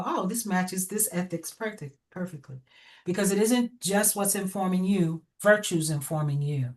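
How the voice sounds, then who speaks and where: A middle-aged woman teaching over a video call, giving direct, encouraging feedback with frequent laughter. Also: fairly low pitch. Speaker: educator. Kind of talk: online class feedback.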